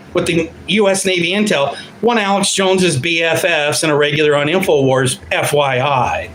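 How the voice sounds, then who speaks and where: Fired-up fifty-something man, slightly high voice, swears freely, livestream ranter. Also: fairly even intonation, normal speed, few pauses, a little hiss or hum, poor audio. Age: 50s. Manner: loud, profane, fired-up. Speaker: livestream commentator. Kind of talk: unscripted ranting livestream.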